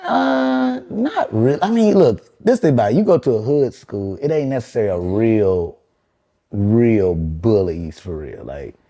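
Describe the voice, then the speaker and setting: A man in his forties from Chicago's west side, a comedian guest telling animated, profane stories in casual chat. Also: unhurried, gravelly. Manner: animated, does high mocking voices of relatives, swears a lot.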